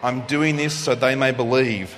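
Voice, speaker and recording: A male pastor delivering a sermon, preaching expressively and swinging from loud passages to hushed ones. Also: mid-range voice, normal speed. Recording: long reverb of a hall, faint noise.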